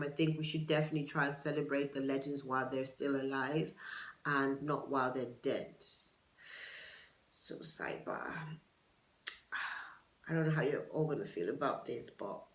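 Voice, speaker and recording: A woman's voice: sits low, a little fast. Chatty woman in an echoey room. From United Kingdom. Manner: chatty, digressive, gossipy, with dramatic asides. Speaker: podcast host. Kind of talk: casual solo podcast chat. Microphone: camera for a video podcast.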